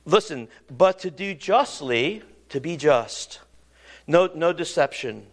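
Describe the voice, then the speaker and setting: A male preacher with a high, lively voice that swoops up and down as he delivers a sermon. He leans into points with sudden drops and rises, and slows to a measured cadence whenever he reads scripture aloud. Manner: animated, rising and falling, quoting scripture in slow stately tones. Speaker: pastor.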